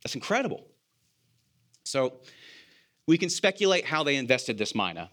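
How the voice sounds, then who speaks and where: Male preacher, mid-pitched, conversational sermon delivery with rhetorical questions, repeats key lines, light self-deprecating humor. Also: very animated, moderate pace, a bit bright. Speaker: preacher, elder candidate.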